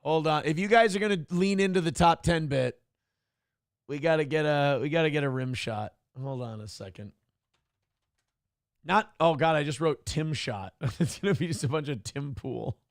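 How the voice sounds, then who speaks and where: A man with a fairly high, gravelly voice hosts a casual morning talk show. He reads out viewer comments in a crude, joking, mock-announcer manner. The sound is dry and close. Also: normal speed, no echo. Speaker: host of a live internet morning show. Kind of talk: casual comedic chat, reading viewer comments aloud.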